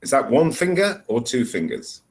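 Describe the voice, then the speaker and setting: A man's voice: medium pitch, very animated, moderate pace, low-quality recording. A man tutoring English one-on-one over a video call, explaining patiently with repeated examples. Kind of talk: one-on-one online English lesson.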